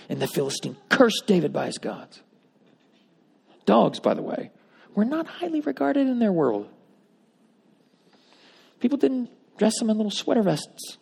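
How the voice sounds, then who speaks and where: A man's voice: high-pitched, lively intonation, moderate pace, vocal fry, long pauses, darkish tone, husky. A man preaching a sermon, emphatic with wry asides, reading scripture aloud. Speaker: pastor. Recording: long reverb of a large hall.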